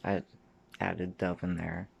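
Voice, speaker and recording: A Canadian man in his thirties speaks in a slow, unhurried ramble that drifts from memory to memory. His voice sits low and carries a rough, creaky edge. He swears freely and now and then sinks into a near-whispered mutter. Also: level tone, darkish tone, lo-fi sound, slight background noise. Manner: sometimes drops to a mutter or whisper. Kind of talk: rambling personal monologue.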